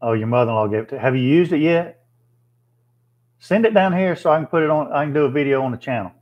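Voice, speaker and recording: A livestream host with a fairly high, expressive voice talks at a quick pace over dull audio. He casually reads out viewer comments and chats plainly, filling gaps with fillers while thinking aloud.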